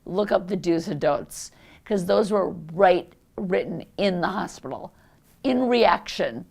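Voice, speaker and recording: A woman's voice: on the low side, animated, measured pace, vocal fry, darkish tone, slightly rough. A middle-aged woman, an author, talking in a reflective, conversational way with lots of "you know" and "like". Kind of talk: reflective interview talk.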